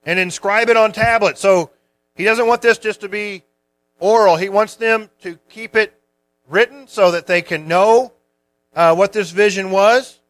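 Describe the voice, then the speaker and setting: Male preacher, high voice, relaxed conversational Bible teaching. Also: a little slow, dry recording. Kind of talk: sermon.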